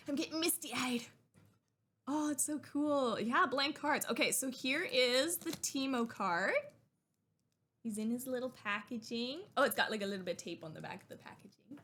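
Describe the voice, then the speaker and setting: A young woman streamer chatting excitedly while unboxing, gushing and talkative. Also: high voice, normal speed.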